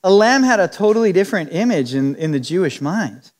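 High-voiced, lively preacher in a reverberant hall. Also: male voice, fairly quick. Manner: conversational, acts out quotes with shifting voices. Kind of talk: expository Bible teaching sermon.

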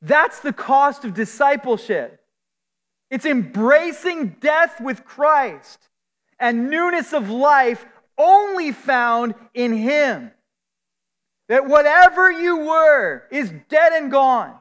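A man's voice: extremely high pitch, very animated, slow pace, a bit bright. A man preaching a sermon as pastor, earnest and emphatic, stretching out key words. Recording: long hall reverb.

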